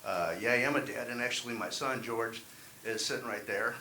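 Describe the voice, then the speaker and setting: A man's voice: medium pitch, fairly quick, sharp tone. A man performing a wry, self-deprecating stand-up set at an open mic. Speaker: stand-up comedian. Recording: echoey room, faint hiss.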